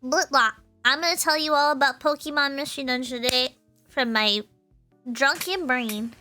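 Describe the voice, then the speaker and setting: A woman's voice: sits high, moderate pace, bright, forceful tone, soft background music. A tipsy woman streamer rambling through a casual explanation, giggly and loose, often correcting herself mid-sentence. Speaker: VTuber streamer.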